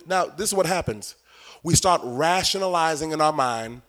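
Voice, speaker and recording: A man's voice: sits high, lively intonation, normal speed, fairly bright tone. A man preaching a sermon as bishop, asking the crowd questions and acting out little scenes.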